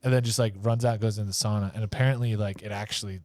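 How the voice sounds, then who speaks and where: A man's voice: on the low side, fairly even intonation, fast talker, a little mellow, dry recording, clean studio sound. A middle-aged man co-hosting a podcast, telling stories in casual chat and laughing often. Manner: giggly storyteller, laughs often. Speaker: podcast co-host.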